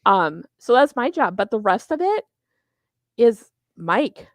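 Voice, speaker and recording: A woman's voice: on the high side, sing-song, slow, no echo. A middle-aged woman from Minnesota with a Minnesota accent, chatting in an interview as a tournament organizer, talkative and self-deprecating. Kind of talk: casual interview chat.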